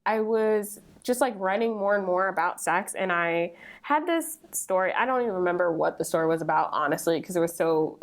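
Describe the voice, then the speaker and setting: A woman guest on a podcast, talking in a relaxed, casual way with frequent laughs. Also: on the low side. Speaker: guest, sex ed business coach. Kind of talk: casual interview chat.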